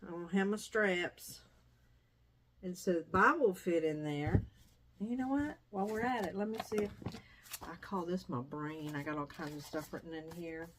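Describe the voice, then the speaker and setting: In a home vlog recorded in her dining-room-turned-sewing-room, a middle-aged woman talks at normal speed in a lowish voice, with slight hiss or hum. Her casual chat drifts off topic before circling back.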